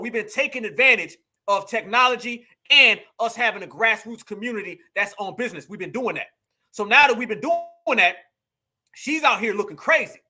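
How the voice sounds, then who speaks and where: A man's voice: very high voice, pushed and bright. A man giving emphatic casual commentary, asking rhetorical questions and talking straight to his viewers. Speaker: online commentator.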